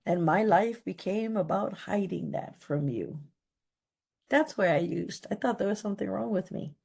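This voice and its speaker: A woman's voice: medium pitch, lively intonation, normal speed, creaky, darkish tone, breathy edge. A woman giving a candid, emphatic personal testimony at a recovery meeting, often repeating words for stress. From Texas.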